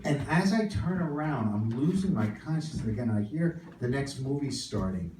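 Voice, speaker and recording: A man in his fifties telling a comic personal story on stage, theatrical and animated. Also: moderate pace, reverberant, recorded from a distance, background noise. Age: 50s. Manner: animated, theatrical, swings into high wails. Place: small performance venue, indoors.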